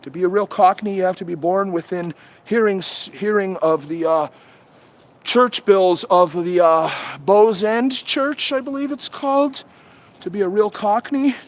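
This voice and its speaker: A man with a voice that sits high speaks at a measured pace as he hosts a livestream outdoors among trees. Talking through a head-mounted camera, he goes on a profane, heated, rambling rant.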